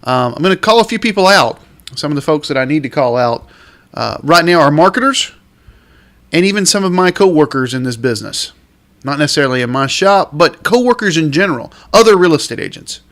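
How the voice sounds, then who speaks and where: Exasperated man ranting, lively pitch. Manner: exasperated, emphatic; lively, drawn-out stresses on key words. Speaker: realtor and podcast host. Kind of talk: podcast rant.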